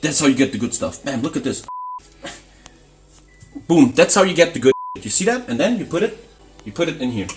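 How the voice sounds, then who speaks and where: A man's voice: on the high side, sing-song, brisk, pauses often, music in the background. A man for whom English is not his first language, hosting a casual cooking stream in a brash, teasing, mock-boastful way. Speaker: cooking show host.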